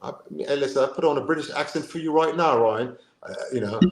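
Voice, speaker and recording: A man, co-hosting a casual football podcast in an animated, rambling way. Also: mid-range voice, fairly quick. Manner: animated, rambling, full of fillers and asides. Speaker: podcast co-host. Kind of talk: casual chat. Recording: roomy echo.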